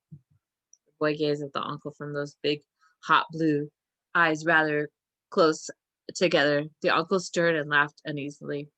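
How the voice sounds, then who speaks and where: A woman reading a short story aloud in a steady, plain narration. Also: deep voice, unhurried, pauses often, no echo. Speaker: reader.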